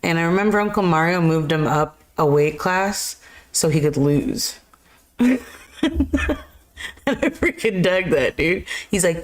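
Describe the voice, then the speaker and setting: A woman's voice: low voice, unhurried. Casual co-host, woman; loose, rambling plot recap with fillers and laughter. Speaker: podcast co-host. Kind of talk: casual movie chat.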